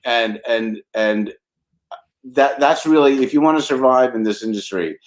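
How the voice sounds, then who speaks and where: With a mid-range voice and a slightly slow delivery, this older New Jersey man, a comedy writer, spins stories in relaxed conversation. He performs the voices of those he quotes, chuckling frequently as he goes.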